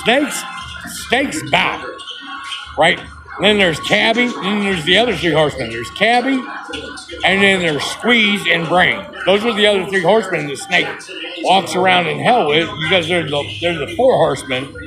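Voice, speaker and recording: A man in a rambling comedic monologue, talking excitedly and breaking in with quick checks for agreement. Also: sits high, over music, rough recording. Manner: excited, rambling, keeps asking "right?".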